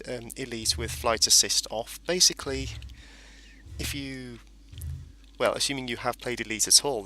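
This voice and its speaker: A man's voice: mid-range voice, pushed and bright, slight background noise. A man casually commentating a space game as he plays, rambling and explaining each step. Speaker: gameplay commentator. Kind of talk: casual let's-play commentary.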